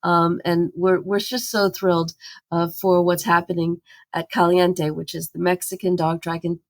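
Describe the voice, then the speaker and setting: A woman's voice: on the low side, flat delivery, normal speed. A woman campaigner, a guest in a podcast interview, telling her story earnestly and with animation, with fillers and restarts.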